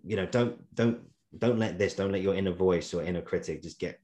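A man with a very low voice hosts an interview. He rambles through his questions with plenty of filler words and stays encouraging toward his guest. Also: brisk, mellow. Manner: rambling, encouraging, laughs often. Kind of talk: conversational interview.

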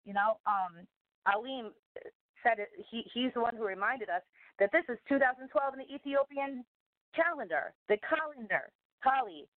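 A woman's voice: fairly high pitch, animated, moderate pace, no echo. Woman rambling over a tinny phone line. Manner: meandering, emphatic, many fillers. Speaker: guest on a spiritual talk show. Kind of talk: casual rambling conversation.

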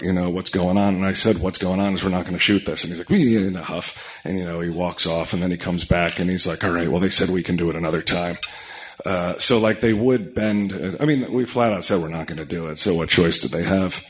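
A man speaking as a guest in casual chat, telling a story bluntly with frequent cursing, uhs and restarts. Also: low voice. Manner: blunt, profane, halting storyteller. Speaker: podcast guest.

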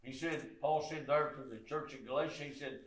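An older man preaching a sermon as pastor, in a folksy way, peppered with "amen" and swinging from quiet talk to loud exhortation. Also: fairly high pitch, fairly even intonation, brisk, roomy sound, recorded from a distance, rough recording. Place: church sanctuary.

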